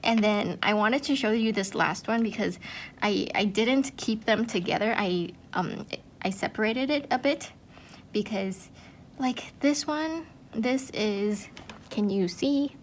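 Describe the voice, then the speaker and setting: A woman hosting an art channel gushes in casual chat, her speech packed with "like" and "um." She speaks slowly in a mid-range voice, with a little hiss or hum on the recording.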